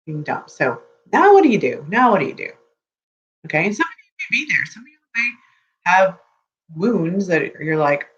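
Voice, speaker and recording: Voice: medium pitch, big pitch swings, fairly quick, a bit bright. A dating coach giving chatty, rambling advice on a live stream, often checking in with the viewers. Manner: chatty, rambling, keeps checking in with "okay?" and "right?". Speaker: dating coach for tech men. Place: room with geek collectibles behind. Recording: dull lo-fi sound with faint hum.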